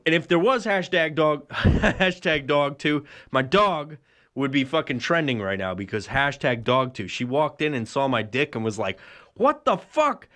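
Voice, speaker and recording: A man's voice: medium pitch, normal speed, fairly bright tone. A man hosting a solo podcast, telling a rambling, profane comic story and laughing often. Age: adult with a son. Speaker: podcast host.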